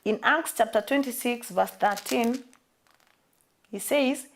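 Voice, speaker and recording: A Kenyan woman preaching to her church, pressing each point and saying important phrases twice. Her voice sits a little higher than most women's, and she swings between strong, raised stresses and softer, dropped endings. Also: slow. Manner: emphatic, repeats key phrases. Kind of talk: sermon.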